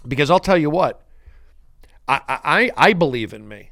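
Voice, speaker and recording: A man's voice: fairly high pitch, lively intonation, moderate pace, creaky, long pauses, a bit bright, no echo, clean studio sound. A man hosting a comedic podcast monologue, telling stories in a rambling, mock-grandiose way.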